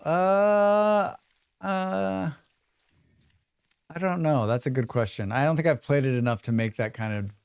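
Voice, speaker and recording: This American streamer's voice is fairly high, a little mellow, and clean in tone. He offers casual live gameplay commentary, chatting to viewers, wandering into asides, and reading the tutorial text out loud.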